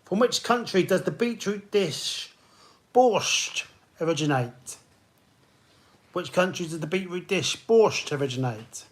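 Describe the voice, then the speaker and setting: A man's voice: high-pitched, lively intonation, measured pace. A man hosting a live online pub quiz, chatting and greeting players by name as he reads questions. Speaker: quiz host.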